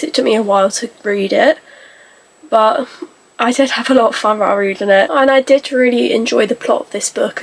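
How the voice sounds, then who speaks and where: A woman's voice: a little high, gravelly, slightly rough, rough recording. A woman chatting casually as a book vlogger, rambling and correcting herself as she talks about a book. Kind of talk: casual chat.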